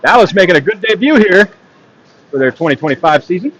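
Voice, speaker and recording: A man doing solo play-by-play of a ball hockey game, joking with chat between plays and rising in excitement on big plays. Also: high voice, fast, husky, poor audio. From not from Texas. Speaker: play-by-play commentator. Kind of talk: solo live sports commentary with chat asides.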